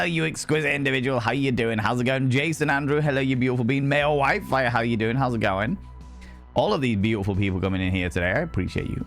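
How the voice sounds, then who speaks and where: A man in mid pitch talks loosely to his live-stream chat from a home desk setup. He teases viewers with cheeky pet names and swings his voice up into grand, jokey flourishes. Soft music plays faintly underneath. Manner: swoops up high for mock grandeur. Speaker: livestreamer.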